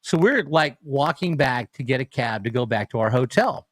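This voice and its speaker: A podcast co-host, a man with a mid-range voice, tells a story in casual sports talk at a moderate pace, animated and swearing freely. The recording is dry and studio quality.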